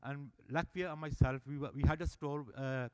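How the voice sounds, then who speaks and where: In a meeting hall, a service user at an annual meeting gives a speech in a fairly high, clear, resonant voice at a moderate pace. He tells stories energetically, performing the dialogue as he goes.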